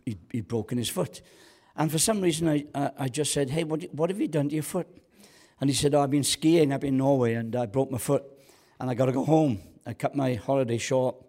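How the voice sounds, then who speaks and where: Man, pastor, sermon, animated delivery, shouts then hushed storytelling, church. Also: medium pitch. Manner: lively preaching, swings from shouting to quiet storytelling.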